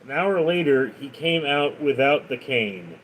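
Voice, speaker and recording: A man's voice: mid-range voice, lively intonation, a little slow, fairly bright tone, rough recording. A man hosting a live stream, casually reading out viewers' comments and answering them with chatty stories. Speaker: livestream host.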